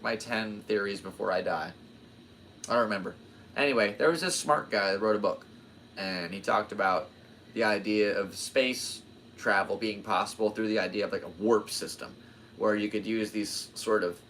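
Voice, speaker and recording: Deep-voiced man rambling on his podcast. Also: a little hiss or hum. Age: 20s. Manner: rambling, jokey, animated, trails off into tangents. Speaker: podcast host. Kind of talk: casual rambling monologue.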